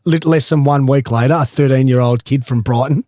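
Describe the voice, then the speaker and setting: A man's voice: medium pitch, a little fast, no room sound, studio quality. A man with an Australian accent, a former footballer, casually telling a swimming story with laughs and swearing. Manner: animated, swears freely, laughs through stories.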